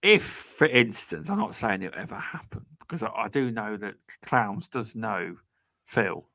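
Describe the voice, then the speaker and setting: Relaxed podcast host man, dry sound. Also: on the low side, measured pace, creaky, no room sound. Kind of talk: casual interview chat.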